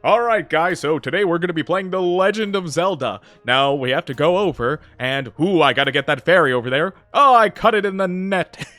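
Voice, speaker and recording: A man doing an impression of a loud, booming male gaming YouTuber, projecting brashly from the gut. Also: lively intonation, a little fast, no echo. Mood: hyped.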